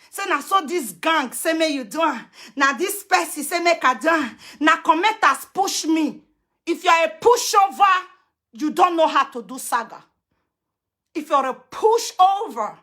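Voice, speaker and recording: A woman's voice: high voice, sharp tone. A woman with a Nigerian Pidgin accent on a live video rant, combative and cursing, breaking into chanted curses. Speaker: social media personality.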